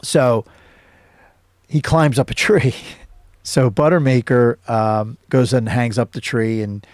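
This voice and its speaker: A man's voice: medium pitch, fairly even intonation, takes it slowly, no room sound, clean studio sound. A man hosting his own show, casually recapping a film scene by scene, with many ums and uhs. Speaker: show host.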